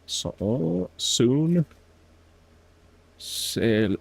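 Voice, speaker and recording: A man's voice: lowish voice, expressive, slow, vocal fry, darkish tone, slightly rough. A man streaming a game, chatting casually to himself, laughing often and sounding out foreign words. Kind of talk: casual gameplay commentary.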